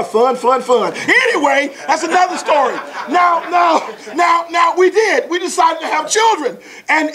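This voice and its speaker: This motivational speaker, a man in his forties, animatedly tells an audience a family story, chuckling and exclaiming in a folksy manner. His voice is very high-pitched and a touch bright.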